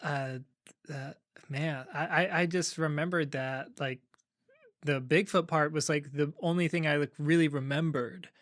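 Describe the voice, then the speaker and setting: A man's voice: a little high, fairly even intonation, unhurried, fairly bright tone, no echo, clean studio sound. A man hosting a podcast in casual conversation, repeating words as he restarts his sentences. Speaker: podcast host.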